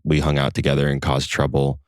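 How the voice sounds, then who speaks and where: A man talking casually as a podcast guest, telling relaxed stories with lots of fillers. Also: rumbling low, fairly quick, no echo, clean studio sound. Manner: relaxed storyteller with frequent fillers. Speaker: podcast guest, co-founder of a satire site. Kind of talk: casual conversation.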